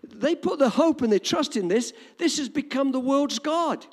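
A man's voice: very high voice, expressive, moderate pace, big-room sound. An older man with an English accent preaching a sermon in an emphatic, repetitive cadence. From England.

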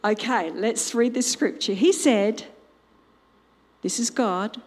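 A woman's voice: a little high, slow pace, long pauses. An older woman preaching a sermon, telling a family story and acting out quotes and sound effects. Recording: long hall reverb.

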